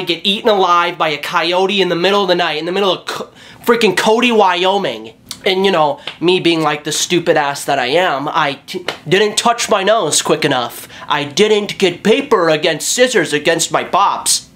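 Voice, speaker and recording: A man's voice: high voice, moderate pace. A young man telling a story on his vlog in a casual, jokey way, swearing a lot. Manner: animated, profane, jokey storytelling. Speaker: vlogger.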